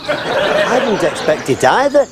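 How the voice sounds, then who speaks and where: An earnest storyteller. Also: male voice, high voice, very animated, a little slow, over a noisy crowd, very noisy. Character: ordinary middle-aged man, earnest and puzzled. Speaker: local man telling a story. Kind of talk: sitcom acting.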